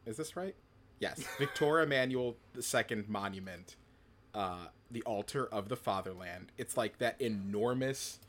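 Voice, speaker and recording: A man's voice: on the low side, measured pace, fairly bright tone. A man co-hosting a podcast, telling long stories in casual chat with many fillers and restarts. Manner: rambling, filler-heavy storytelling. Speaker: podcast co-host.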